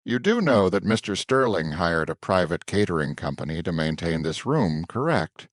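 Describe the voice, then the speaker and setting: A man reading a story aloud, voicing a poised, shrewd woman executive assistant in a measured, lightly raised tone. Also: low-pitched, no echo, studio quality. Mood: measured, earnest. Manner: calm, measured, warning in a hushed tone.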